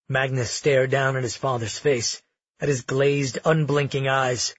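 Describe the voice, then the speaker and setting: A man narrating an audiobook in a measured, dramatic storytelling manner. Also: mid-range voice, fairly even intonation, slightly rough, no room sound, lo-fi sound.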